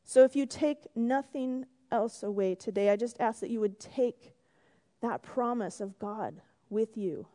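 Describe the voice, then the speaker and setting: Woman giving a sermon, slowish and gentle, bit high voice, echoey church hall. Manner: gentle, drops to a whisper for emphasis. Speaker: preacher. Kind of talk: sermon with storytelling and prayer. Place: church sanctuary. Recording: long reverb in a church hall.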